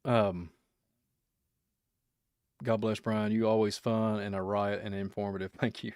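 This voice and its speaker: A man's voice: fairly low pitch, level tone, measured pace, darkish tone, clear, resonant tone, dry recording, studio quality. A man from Kentucky with a Kentucky accent, hosting a casual livestream podcast in a rambling, speculative, joking way. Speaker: podcast host.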